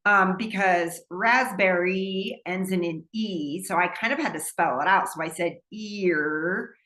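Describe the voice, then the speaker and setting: A woman with a slightly low voice walks through a teaching presentation as a speech pathologist. She explains steadily, laughing lightly now and then, and the room around her rings with echo. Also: unhurried, a bit bright. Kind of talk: recorded presentation lecture. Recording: echoey room.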